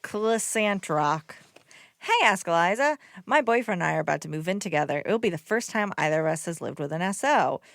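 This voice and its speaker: A woman's voice: lowish voice, lively intonation, brisk, creaky, no echo, studio quality. A woman in her late twenties co-hosting a podcast, reading listener questions and giving easygoing replies. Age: 20s. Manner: easygoing, short agreeing replies. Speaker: podcast co-host.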